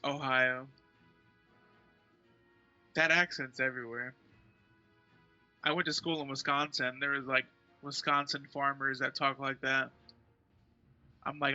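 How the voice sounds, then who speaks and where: A man's voice: mid-range voice, flat delivery, bright, forceful tone, soft background music. A man from Texas joking with his team in casual voice chat during a game. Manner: joking, talks fast. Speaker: gamer on a live stream. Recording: dull lo-fi voice chat.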